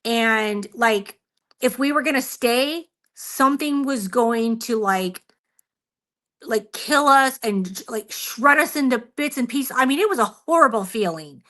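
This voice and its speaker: This is a woman guest on a radio show, recounting a story with lively, expressive energy. Her voice is fairly high and very bright, and she laughs often as she talks. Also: unhurried. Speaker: Bigfoot researcher guest.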